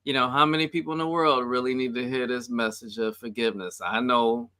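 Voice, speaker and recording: A man's voice: mid-range voice, steady tone, brisk, sharp tone, smooth, no room sound. A man hosting an online faith talk show, upbeat and conversational with casual fillers, talking over a video call. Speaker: host.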